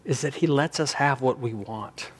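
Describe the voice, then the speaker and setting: A man preaching a sermon as pastor, earnest, slowing down and rising in volume for emphasis. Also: medium pitch, breathy edge. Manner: earnest, slows and rises for emphasis.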